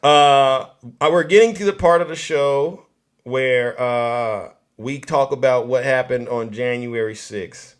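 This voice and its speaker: A man hosting a political commentary livestream, loud and mocking, often repeating himself. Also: mid-range voice, takes it slowly, smooth. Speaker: livestream host.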